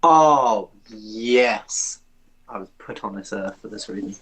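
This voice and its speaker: A man's voice: fairly low pitch, little pitch movement, fast, husky, low-quality recording. A man as a player in a tabletop game, joking around in casual chat.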